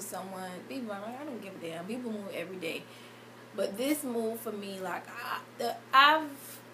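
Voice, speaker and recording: A young woman, crying as she tells a personal story in a vlog, halting with many pauses and restarts. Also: mid-range voice, background noise. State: tearful, crying. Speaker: vlogger.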